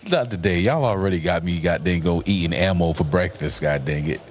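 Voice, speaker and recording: Deep-voiced man telling stories animatedly. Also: a little fast, slight background noise. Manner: animated storytelling with slang. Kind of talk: casual livestream chat.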